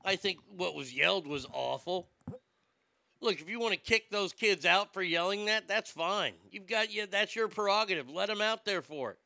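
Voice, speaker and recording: A man's voice: high voice, moderate pace, gravelly, sharp tone, no room sound. A man delivering a blunt, sarcastic, profane opinion rant as a commentator.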